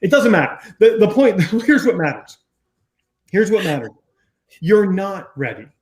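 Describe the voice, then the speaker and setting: Animated high-voiced man, excited co-host. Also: a little slow. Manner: animated, emphatic storytelling. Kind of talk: casual panel chat.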